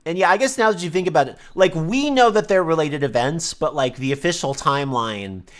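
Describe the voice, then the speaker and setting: Brief: giggly woman streamer, casual chat, lively swoops in pitch. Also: a little fast. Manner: giggly, swearing, talks over herself. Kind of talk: casual let's-play chat.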